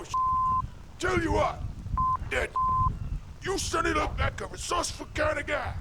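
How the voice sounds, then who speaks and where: An actor playing a gruff male army officer who recruits soldiers and barks orders, heard as game audio over music. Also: very high-pitched, background noise, full character voice.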